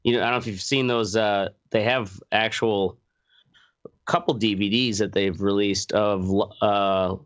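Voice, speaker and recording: A man's voice: fairly low pitch, fairly even intonation, measured pace, smooth, highs cut off. A man co-hosting a podcast in casual banter, teasing and swearing. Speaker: podcast co-host. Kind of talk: casual chat.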